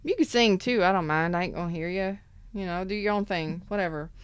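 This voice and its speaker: A woman's voice: lowish voice, a little fast, clean tone, no room sound, studio quality. A woman hosting a live tarot reading, casual and emphatic, repeating phrases and chatting with viewers. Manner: talks to viewers in the chat.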